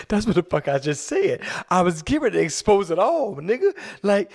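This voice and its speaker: Loud profane man podcast co-host. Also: high-pitched, big pitch swings, normal speed. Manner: loud, profane, jumps in and talks over. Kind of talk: casual podcast chat.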